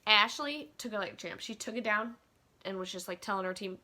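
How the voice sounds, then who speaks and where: A woman's voice: mid-range voice, fast talker, sharp tone. A woman ranting casually in a vlog, chatty and opinionated, filling her talk with "like" and "um," recorded on a phone. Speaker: vlogger. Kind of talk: casual rant.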